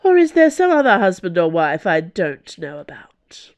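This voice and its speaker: A woman's voice: lowish voice, big pitch swings, normal speed. A woman voicing a cheerful, mocking female jailer who taunts her prisoner. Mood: taunting. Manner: bright, taunting.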